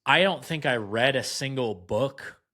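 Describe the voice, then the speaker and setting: A man's voice: medium pitch, measured pace. A young man, a podcast guest, telling a long anecdote in casual chat and acting out what others said. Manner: animated anecdote, acts out quoted voices.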